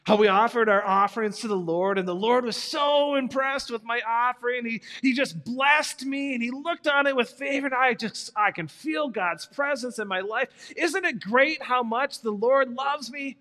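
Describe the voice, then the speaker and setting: A man's voice: on the high side, a little slow, few pauses, fairly bright tone, pitched below the performer's own voice. A man doing a gushing, bragging younger brother. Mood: boastful.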